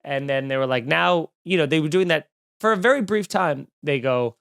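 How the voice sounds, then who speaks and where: Snarky man ranting, smooth clear voice. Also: on the high side, moderate pace. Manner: snarky, animated, mocking voices in quotes. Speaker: comedian podcast host. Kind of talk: comedic rant.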